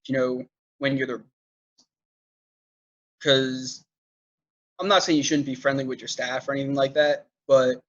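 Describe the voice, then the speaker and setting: A man's voice: mid-range voice, a bit bright. Guy chatting easy about theater work, lots of likes and fillers, kinda muffled lo-fi sound. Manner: loose storytelling with many fillers. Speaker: movie theater manager, guest. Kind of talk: casual interview chat.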